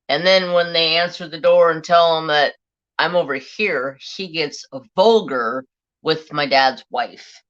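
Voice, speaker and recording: A woman's voice: low-pitched, fairly bright tone. A middle-aged woman hosting a live stream, telling a rambling, profane story in a blunt, casual way while answering chat. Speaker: livestream host. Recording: dull lo-fi stream audio.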